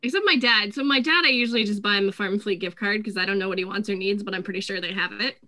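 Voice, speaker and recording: A woman, chatting as co-host and telling animated stories about her family. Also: medium pitch, quick pace, poor audio. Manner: chatty storyteller, quotes her kids in lively voices. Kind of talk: casual chat.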